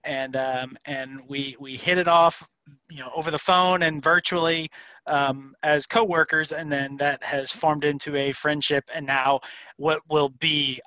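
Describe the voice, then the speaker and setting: Bright-voiced upbeat male podcast host. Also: fairly high pitch, fairly even intonation, a little slow, dry recording, poor audio. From Louisiana. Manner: upbeat, joking, easy laugh. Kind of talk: casual chat.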